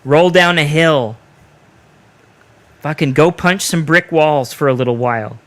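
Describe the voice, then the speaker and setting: A man co-hosting a casual podcast, talking bluntly and with plenty of profanity. His voice sits a touch high, with a bright, forceful edge. The sound is close and dry. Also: measured pace, dry recording. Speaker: podcast co-host.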